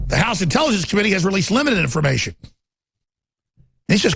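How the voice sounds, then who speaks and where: A middle-aged male talk radio host in full heated rant, stumbling over repeated words as he pushes on. His voice is gravelly and husky, sitting a little high, and the studio sound is dry and close. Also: very animated, fast, pauses often, fairly bright tone, no echo. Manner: ranting, repeats words, acts out quotes in raised voices. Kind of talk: heated political monologue.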